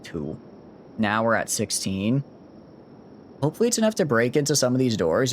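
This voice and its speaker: A man's voice: mid-range voice, a little hiss or hum. A man with a mild Southern US accent gives casual gameplay commentary as a streamer, rambling and often correcting himself. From Southern United States. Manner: rambling, self-correcting, chatty. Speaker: game streamer.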